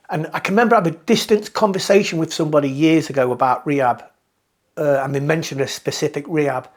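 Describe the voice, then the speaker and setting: A middle-aged British man telling his own story of addiction and recovery in a candid, reflective way, often halting and restarting his sentences. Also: on the high side, steady tone. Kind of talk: personal testimony.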